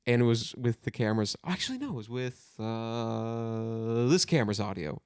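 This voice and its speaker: Young man rambling with lively pitch. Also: moderate pace, smooth, no echo, clean studio sound. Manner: rambling, full of "like" and self-corrections. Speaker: podcast co-host. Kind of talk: casual chat.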